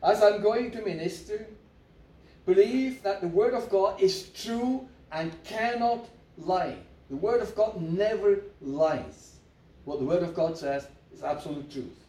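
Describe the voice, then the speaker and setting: Slow, high-pitched preacher man, echoey. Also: warm tone. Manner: repetitive, emphatic, leads call-and-response. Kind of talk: sermon. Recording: echoey room, mic at a distance.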